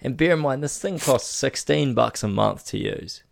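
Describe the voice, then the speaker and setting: A man's voice: mid-range voice, expressive, normal speed, gravelly, no echo. A young man with a New Zealand accent co-hosting a podcast, dry and teasing, a bit sick. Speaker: podcast co-host. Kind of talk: casual podcast banter.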